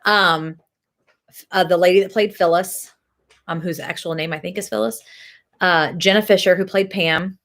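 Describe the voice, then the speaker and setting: A woman, hosting a casual church chat, chatty and rambling and quick to laugh. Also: fairly low pitch, steady tone, a bit bright. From Missouri.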